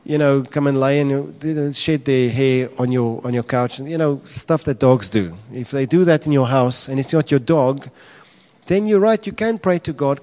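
Male pastor, lively sermon delivery that jumps loud on acted-out quotes. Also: mid-range voice, normal speed. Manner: animated, acts out quotes with raised voice.

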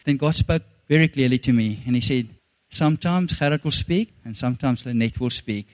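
A middle-aged pastor with a South African accent preaches a sermon. He talks in an earnest, rambling way, restarting his sentences as he tells a personal story. His voice sits at an ordinary middle pitch.

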